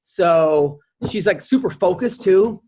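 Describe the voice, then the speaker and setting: A man with a high-pitched voice hosts a loose, casual podcast chat. He rambles through his stories, stopping and restarting his sentences as he goes. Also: lively intonation, slow, a little mellow, breathy edge. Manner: rambling storyteller with many restarts. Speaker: podcast host.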